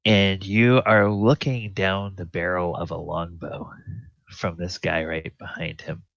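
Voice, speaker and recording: A man's voice: low voice, flat delivery, measured pace, creaky, fairly bright tone, no room sound. A man running a tabletop game as dungeon master, hesitant with many fillers, on a muffled recording.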